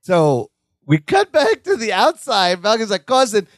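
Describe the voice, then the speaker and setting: A man's voice: sits high, measured pace, no room sound, studio quality. A man co-hosting a podcast, casually recapping a sitcom episode and acting out the characters' lines. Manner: animated retelling, acting out lines in raised voices. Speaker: podcast co-host.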